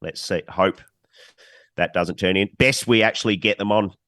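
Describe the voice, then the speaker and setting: A man hosting a podcast in casual chat, relaxed with joking banter. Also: fairly low pitch, normal speed, dry recording. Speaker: podcast host.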